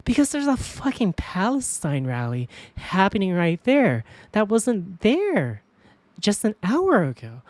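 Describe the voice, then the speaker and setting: Here a female streamer talks casually to her audience, telling animated tales full of swearing and frequent laughter. She speaks at an unhurried pace in a mid-range voice, with no room sound.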